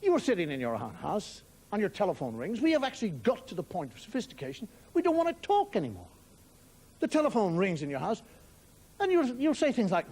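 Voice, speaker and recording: A man's voice: extremely high pitch, huge pitch swings, fast talker, a little mellow. An Irish man performing a stand-up monologue, telling wry stories with mock outrage. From Ireland. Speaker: stand-up comedian.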